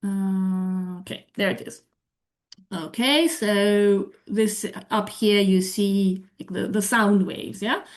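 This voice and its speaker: A woman presents a talk at a slow, deliberate pace, talking through a live software demo. She explains as she thinks, backing up and rephrasing mid-sentence, with a voice pitched in the middle range for a woman. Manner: explanatory, thinking aloud, self-correcting. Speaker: presenter on medical English teaching.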